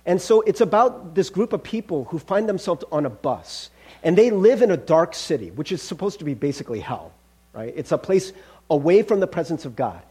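A man's voice: fairly high pitch, very animated, fairly quick, a little mellow, husky. A male pastor preaching a conversational sermon, calling listeners friends.

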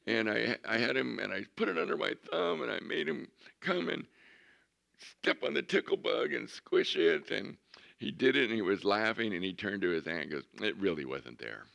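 A man's voice: mid-range voice, creaky, fairly bright tone. A man preaching a sermon as pastor, telling stories conversationally and stretching out words for emphasis. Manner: conversational storytelling, drawn-out emphasis.

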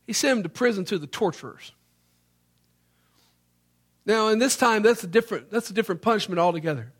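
A man, from Memphis, Tennessee, preaching a sermon as an animated storyteller who acts out the scenes. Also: sits high, brisk.

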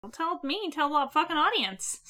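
A woman co-hosting a podcast in casual chat. Her voice sits high and sounds bright and sharp. She is blunt and skeptical and swears offhandedly. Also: very animated, moderate pace. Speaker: podcast co-host.

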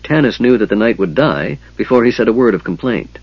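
Husky-voiced man narrating a fantasy audiobook. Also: medium pitch, a little fast, no echo, dull audio. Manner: expressive storytelling.

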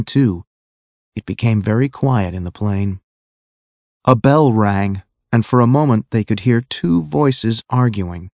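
Guy reading a learner audiobook, clear and measured, mid pitch, dry studio sound. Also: darkish tone, dry recording. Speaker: narrator. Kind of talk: graded-reader audiobook narration.

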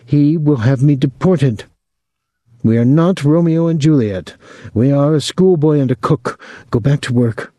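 A man voicing a sullen, blunt foreign woman who works as a house servant, speaking flatly. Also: on the high side, a little slow, no room sound, clean studio sound, pitched above the performer's own voice, close to an everyday voice. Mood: sharp.

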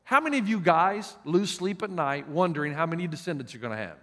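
A man with a Southern US accent preaches in a high, bright voice. He tells stories with emphatic repeats. His voice rings with the long reverb of a large church hall. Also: animated, quick pace, hardly any pauses. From United States. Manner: emphatic storytelling preacher with many restarts. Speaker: pastor. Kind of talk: sermon.

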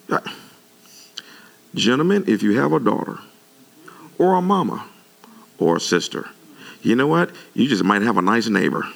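A male pastor delivering an animated sermon, his pitch jumping up when he gets worked up. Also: moderate pace, gravelly, long pauses.

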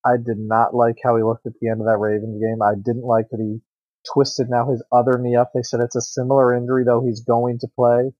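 A man's voice: mid-range voice, completely flat delivery, brisk, a little mellow, no room sound. Matter-of-fact man, dull dry recording. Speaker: sports betting co-host. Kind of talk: casual sports betting talk.

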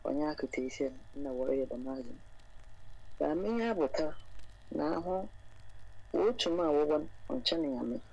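Husky Ghanaian woman, steady talk. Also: sits low, measured pace, pauses often, dull audio. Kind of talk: casual conversation in Twi.

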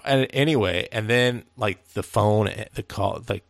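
A man's voice: mid-range voice, moderate pace, a bit bright, dry recording. A man co-hosting a casual podcast chat, telling a rambling story with plenty of swearing, fillers and restarts. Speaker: podcast co-host.

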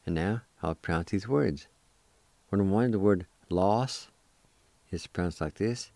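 Slow, low-voiced man teaching words. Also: mellow, no echo. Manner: slow, careful syllable-by-syllable pronunciation; patient, encouraging instruction. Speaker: radio language teacher. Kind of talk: radio language lesson.

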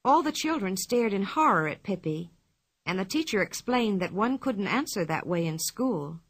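A woman reading a children's storybook aloud as narrator, clear and expressive. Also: medium pitch, moderate pace, no echo.

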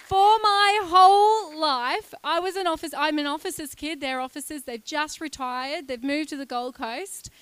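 A woman, preaching a lively, chatty sermon in a church and joking with the congregation. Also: high-pitched, moderate pace, few pauses. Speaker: guest preacher.

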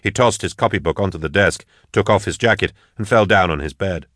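Male narrator, low voice, measured reading, dry studio sound. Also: a bit bright, no room sound. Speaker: audiobook narrator. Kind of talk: scripted narration.

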